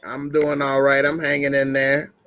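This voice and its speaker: A man's voice: medium pitch, completely flat delivery, moderate pace, crowd noise. A man hosting a casual chat show, playful and joking with his co-hosts. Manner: playful, joking, does voice impressions. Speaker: show host.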